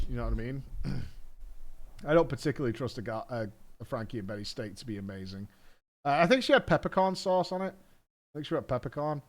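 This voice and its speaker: Animated man chatting on stream. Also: on the high side. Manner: rambling, swears casually, reads a menu aloud with asides. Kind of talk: casual chat while gaming.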